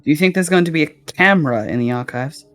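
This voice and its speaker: Player at a tabletop game, talks fast, keeps asking stuff. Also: mid-range voice, a bit bright, soft background music. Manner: quick, eager questions. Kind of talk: casual chat during a tabletop game.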